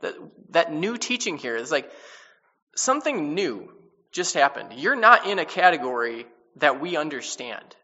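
Bright-voiced man teaching scripture in a hall. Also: a little high, sing-song. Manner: casual and conversational, with many restarts and quick paraphrases. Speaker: Bible teacher. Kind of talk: informal Bible study teaching. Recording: dull-sounding with long hall reverb.

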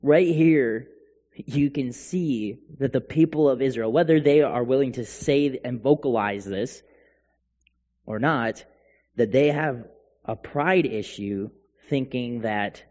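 A man's voice: mid-range voice, slow pace, darkish tone. A man preaching a sermon, animatedly retelling a scripture passage and voicing its speakers in dialogue. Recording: dull sound with long hall reverb.

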